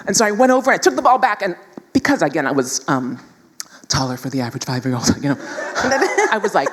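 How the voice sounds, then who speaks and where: A woman's voice: mid-range voice, big pitch swings, quick pace, long reverb tail, a little hiss or hum. A woman from New York City speaking as a panel guest, telling candid, emphatic stories to a live audience. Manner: candid, emphatic storytelling, addresses audience as y'all.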